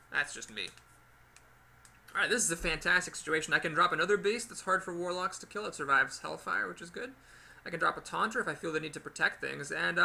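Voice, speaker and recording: A man hosting a gaming video, giving chatty, animated play-by-play commentary with playful exclamations. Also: high voice, creaky, slight background noise. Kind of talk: casual gameplay commentary.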